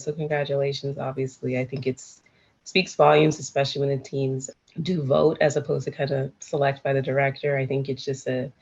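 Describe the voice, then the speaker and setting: A woman's voice: rumbling low, vocal fry, husky, highs cut off. A woman hosting a podcast interview, chatty and encouraging as she asks her questions. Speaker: podcast host. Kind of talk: casual interview.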